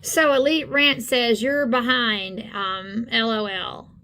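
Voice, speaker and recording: A woman, co-hosting a channel, talking indignantly and haltingly in casual commentary on videos. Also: a little high, fairly even intonation, bright, forceful tone. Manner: indignant, halting with many fillers. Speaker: channel co-host. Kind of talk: casual commentary on screen content.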